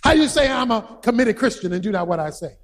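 High, husky-voiced preacher shouting his points. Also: quick pace. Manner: animated storytelling, shouting for emphasis, quizzing the congregation. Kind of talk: sermon.

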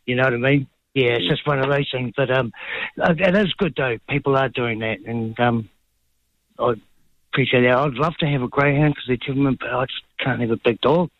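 A man's voice: mid-range voice, fairly quick, no room sound. A man with a New Zealand accent calling in to a radio show, speaking hesitantly with many ums and restarts. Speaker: caller. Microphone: phone. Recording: slightly dull phone line.

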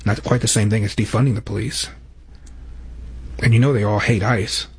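A man's voice: on the low side, fairly even intonation, normal speed, breathy edge. A man hosting news commentary. He is emphatic and introduces clips by number. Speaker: host.

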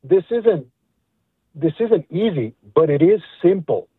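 A man's voice: fairly high pitch, expressive, a little slow, husky, no room sound. A man in his fifties or older calling in to a radio show, speaking earnestly and reflectively, often repeating words. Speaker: radio caller. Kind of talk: call-in comment. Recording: tinny phone line.

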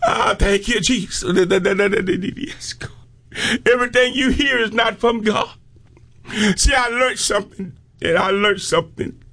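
A man preaching a fervent sermon, rising into shouted peaks and stretching out his phrases. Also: high voice, slow pace.

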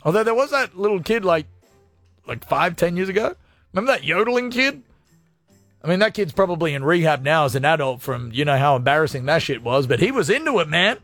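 Joking man with high voice. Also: big pitch swings, brisk, fairly bright tone, dry recording, soft background music. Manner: irreverent, joking, swears freely. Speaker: radio host. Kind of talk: casual radio chat.

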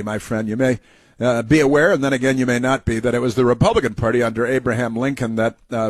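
A man's voice: medium pitch, slightly rough, dry recording. A male talk show host delivers scornful, sarcastic commentary between clips. His voice sits in an ordinary middle range and comes through a close, completely dry studio mic with no room sound at all. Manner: mocking, sarcastic running commentary. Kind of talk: political commentary over clips.

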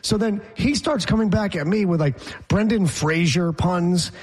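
Husky, sarcastic male podcast co-host. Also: sits high, moderate pace. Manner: blunt, sarcastic, ranting. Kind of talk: casual chat.

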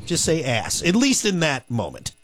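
A man co-hosting a radio show tells a story in a casual, comic way, stopping and restarting often. His voice sits a little high and swings widely in pitch. The studio sound is dry and close. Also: no echo. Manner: animated, halting storytelling with many fillers and restarts. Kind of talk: casual comedic radio banter.

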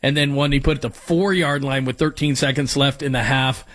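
A man's voice: mid-range voice, fairly even intonation, a little fast, a bit bright. A man hosting sports talk radio, giving strong opinions as he runs through names and stats.

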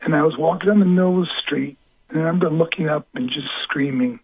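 A man's voice: on the high side, steady tone, husky. A man, a former pro wrestler from the United States, telling a painful personal story with many halts and repeated words. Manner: halting, repeats words, breaks into cries and whispers. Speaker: guest, former professional wrestler. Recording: tinny phone line.

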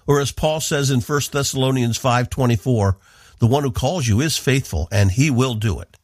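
A man from the northeastern United States, hosting a radio program with earnest, measured devotional Bible teaching. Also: mid-range voice, darkish tone, no echo, clean studio sound.

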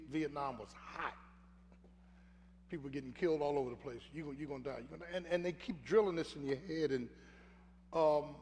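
Older male preacher, slow earnest storytelling, long hall reverb, faint hum behind. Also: fairly high pitch. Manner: earnest storytelling with repeated phrases. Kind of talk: sermon with personal story.

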